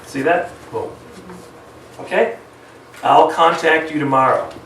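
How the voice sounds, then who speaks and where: His voice is fairly high and fairly bright, and he speaks slowly while leading a lively sales training seminar. He acts out client calls and changes speed deliberately; the far-off mic picks up room echo and a little hiss or hum.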